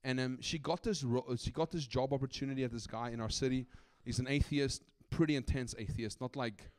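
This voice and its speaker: At a brisk pace and medium pitch, this middle-aged man from South Africa preaches as a guest speaker, his sermon built on personal stories told in an animated, talky manner with frequent "right?" questions.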